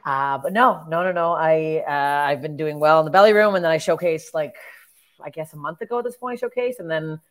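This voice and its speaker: Brief: rapid, low-pitched young woman comic from Canada, blunt and sweary. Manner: blunt, profane storytelling. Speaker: stand-up comedian, podcast guest. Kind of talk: casual podcast chat.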